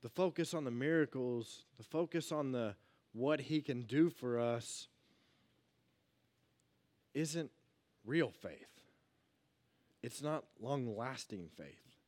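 A man giving a casual youth sermon, energetic and full of rhetorical questions, swinging between loud and hushed. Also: mid-range voice, takes it slowly, long pauses. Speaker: youth pastor.

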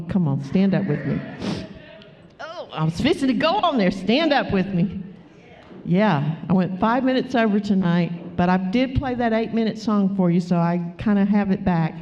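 A woman preaching a sermon to her church, animated and joking as she calls out to the crowd. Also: mid-range voice. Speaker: pastor. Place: church hall. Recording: echoey hall, dull sound. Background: soft guitar music.

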